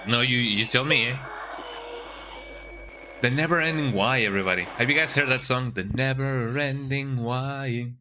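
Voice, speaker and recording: A man's voice: medium pitch, moderate pace, pauses often, bright, forceful tone, slight background noise. A man streaming a horror game, joking and chatting casually as he plays and often tagging his lines with "eh?". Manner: playful, jokey, keeps tagging lines with "eh?". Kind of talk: casual gameplay commentary.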